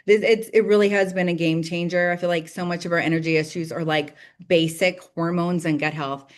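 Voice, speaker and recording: A woman in her thirties leading a direct-sales team call, chatty and enthusiastic, full of "like"s and "you guys" and quick laughs. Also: on the low side. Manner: bursts of laughter and excited acted-out quotes. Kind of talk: casual motivational team call.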